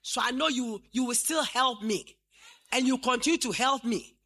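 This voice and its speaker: A woman in her late fifties preaches to a congregation, her voice high and bright. She quotes scripture slowly, then builds to loud, fervent declarations. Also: husky. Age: 50s. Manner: fervent preaching, rising to shouts. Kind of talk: sermon. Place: church.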